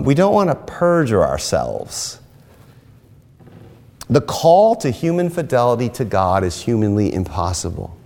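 A man preaching a sermon, telling stories and rising into emphatic, animated lines. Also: a little high. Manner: animated storytelling with emphatic rises. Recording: long hall reverb.

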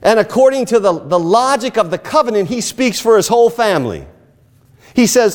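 A man preaching a sermon, telling stories and rising into emphatic, animated lines. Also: sits high, brisk. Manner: animated storytelling with emphatic rises. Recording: long hall reverb.

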